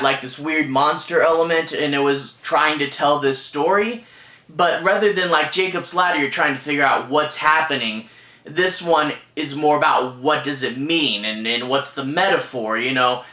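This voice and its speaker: A man's voice: on the high side, sharp tone. A man casually reviewing a film and recapping the plot, rambling with many fillers. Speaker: movie reviewer. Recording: echoey room.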